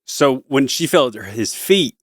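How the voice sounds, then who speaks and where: Playful man with a lively voice. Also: mid-range voice, dry recording, clean studio sound. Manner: playful, joking, quick to laugh. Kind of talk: casual Bible discussion.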